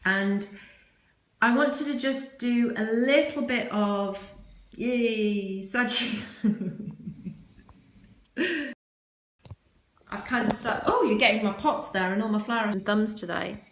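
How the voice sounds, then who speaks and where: A woman's voice: mid-range voice, unhurried, roomy sound. A woman hosting a casual live session as a spiritual teacher, chatty and encouraging as she reads out viewer comments. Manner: warm, encouraging, chatty with frequent restarts.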